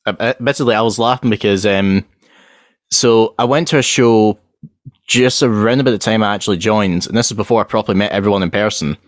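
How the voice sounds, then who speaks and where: A young man co-hosting a casual chat, telling lively stories and acting out voices. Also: lowish voice, a little fast, no room sound, studio quality. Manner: animated storyteller who acts out voices and yells. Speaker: podcast co-host.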